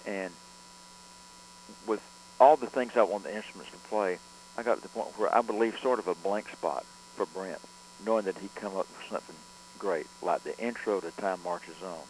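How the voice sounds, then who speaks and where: A male record producer speaking in a somewhat low voice, telling long studio anecdotes. He rambles, circles back and restarts his sentences often, with a faint hum under the recording. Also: moderate pace, a little mellow, low-quality recording. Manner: rambling, with frequent restarts and fillers. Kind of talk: conversational storytelling interview.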